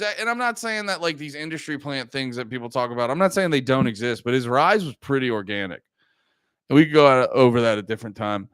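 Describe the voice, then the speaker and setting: Profane rambling young man, smooth voice. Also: on the high side, a bit bright, no room sound, studio quality. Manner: profane, rambling, self-interrupting, laughs often. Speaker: podcast host. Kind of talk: casual rambling chat.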